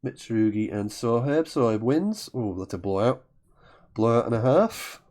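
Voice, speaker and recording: A man's voice: mid-range voice, sing-song, normal speed, darkish tone. A man commentating live on a word game, thinking aloud and often correcting himself. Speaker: Scrabble commentator.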